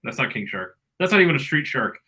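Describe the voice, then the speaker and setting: A man's voice: medium pitch, quick pace, noisy background. A man co-hosting a casual comic review chat, mocking and swearing freely. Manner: lively, profane, mocking. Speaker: co-host.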